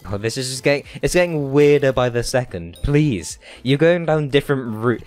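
A man's voice: medium pitch, expressive, normal speed, hardly any pauses, a little mellow, soft background music. A man, a game streamer chatting casually live, joking and whining in a mock-dramatic way at his chat.

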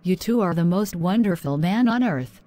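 A woman voicing an affectionate young newlywed wife in a cartoon, speaking gently. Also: fairly low pitch, lively intonation, moderate pace, lightly acted. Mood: loving.

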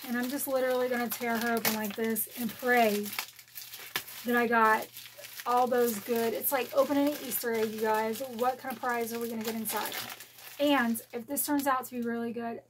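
Excitable high-voiced lady unboxing a bag at home, gasps a lot, bit of faint hiss. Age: middle-aged. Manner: gushing, gasping, repeats "oh my" exclamations. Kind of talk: excited unboxing vlog chat. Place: home, dogs barking nearby.

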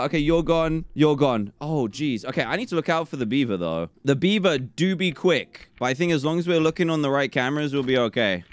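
A young man giving excitable commentary while playing a horror game, talking to the game's characters and jumping high in pitch when startled. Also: brisk, smooth, no echo. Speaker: gaming YouTuber.

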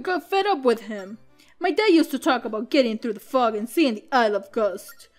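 A woman's voice: a little high, lightly acted. A woman reading out a grumpy young man who is fed up with his father. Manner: scornful, blunt.

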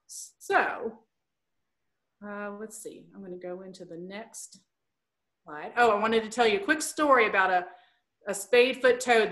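A woman's voice: medium pitch, bright, forceful tone. A woman educator giving an online presentation, explaining things plainly and chattily with playful asides.

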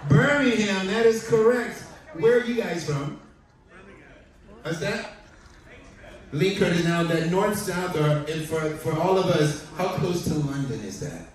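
Upbeat cruise director, echoey theater PA. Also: male voice, on the high side, animated, unhurried, long pauses. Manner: upbeat, chatty, joking with the crowd. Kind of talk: live stage hosting with audience trivia. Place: large ship theater stage. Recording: distant, echoey theater PA recording. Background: audience crowd reacting.

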